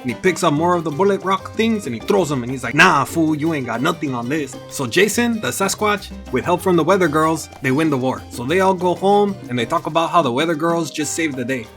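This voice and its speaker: A man hosts a comedic anime recap, his voice sitting a little higher than most men's. He drops Spanish slang and jumps into playful put-on voices. Faint music plays underneath. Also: lively intonation, brisk, hardly any pauses.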